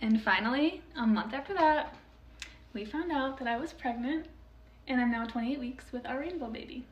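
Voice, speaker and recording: Young woman, casual testimony, chatty with fillers, slightly high, a bit off-mic. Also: moderate pace, recorded from a distance, dull audio. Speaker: storyteller sharing a testimony. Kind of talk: casual personal testimony video.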